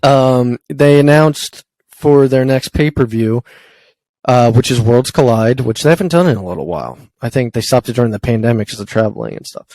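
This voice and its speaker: A man's voice: medium pitch, animated, moderate pace, a little mellow, dry recording, rough recording. A man co-hosting a casual wrestling podcast, running through news with lots of ums and uhs. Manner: rambling with frequent ums and uhs. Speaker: podcast co-host.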